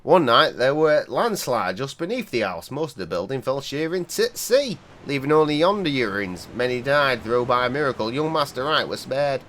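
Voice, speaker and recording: A man voicing a weathered, superstitious old fisherman, reading game dialogue aloud in a gruff, folksy manner. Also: medium pitch, very animated, normal speed, few pauses, a bit bright, pitched above the performer's own voice.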